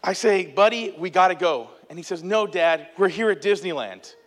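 High-voiced male pastor in a reverberant hall. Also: moderate pace. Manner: storytelling, emphatic, conversational asides. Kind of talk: sermon. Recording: echoey hall.

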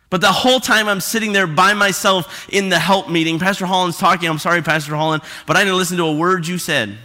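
A man's voice: a little high, sharp tone. A man preaching a sermon to his congregation, conversational and full of rhetorical questions. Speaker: pastor. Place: church sanctuary. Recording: reverberant church hall.

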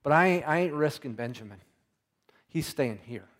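A man's voice: fairly high pitch, lively intonation, normal speed, a bit bright. A man preaching puts on the voice of a stubborn old father who plays favorites, speaking in blunt, folksy slang.

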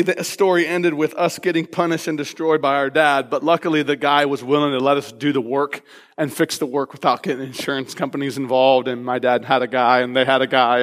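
A male pastor preaching a sermon, telling a personal story in an animated, laughing, casual way before moving into scripture. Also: high-pitched. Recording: long reverb of a large hall.

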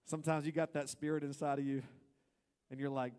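A man preaching a sermon as pastor, swinging from quiet asides to loud emphatic stretches and acting out people's thoughts in playful quoted voices. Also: mid-range voice, steady tone, fast talker, long pauses, clear, resonant tone.

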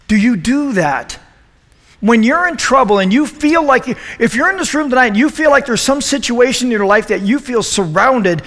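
A middle-aged man as youth pastor, giving an animated, joking sermon to a youth group and asking them questions. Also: very high-pitched, big-room sound.

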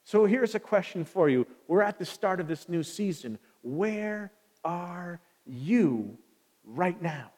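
A man's voice: high-pitched, lively intonation, slow pace, darkish tone. A man preaching a sermon as pastor, talking conversationally and putting questions to the congregation. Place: church sanctuary. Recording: long reverb of a large hall.

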